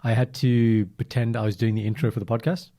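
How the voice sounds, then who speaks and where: A man on a podcast, talking quickly and animatedly as he acts out little scenes from his stories. His voice sits at a middle pitch, and he presses his co-host with rapid back-and-forth teasing. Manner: fast, animated storytelling with acted-out quotes. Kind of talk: casual podcast banter.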